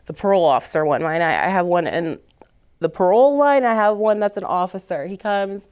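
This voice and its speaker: Earnest low-voiced woman telling a story. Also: a little fast, smooth. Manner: earnest, builds from quiet to heated retelling. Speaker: panel guest. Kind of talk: personal story in a panel discussion.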